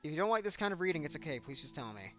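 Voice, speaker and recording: A man voicing a timid, anxious bookish teenage girl in a visual novel, speaking softly and hesitantly. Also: fairly high pitch, very animated, very fast, highs cut off, faint music behind. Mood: distressed. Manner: soft, hesitant and apologetic.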